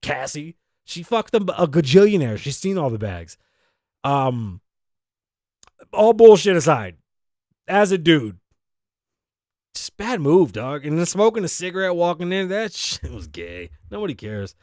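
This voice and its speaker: A man's voice: fairly high pitch, very animated, a little slow, long pauses, darkish tone, no room sound, studio quality. A young man hosting a talk show, delivering a profane, ranting comedic monologue.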